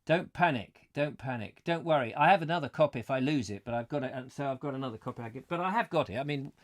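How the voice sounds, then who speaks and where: A man's voice: mid-range voice, very fast. A man hosting a live stream from home, chatting casually and self-deprecatingly to his viewers.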